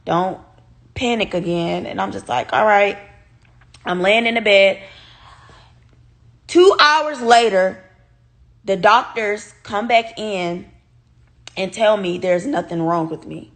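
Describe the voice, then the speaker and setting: A woman's voice: medium pitch, slow, long pauses, a bit bright. A woman vlogger from the United States tells a personal story to camera in a loose, casual way. She talks straight to her viewers, leans hard on her words and swears freely.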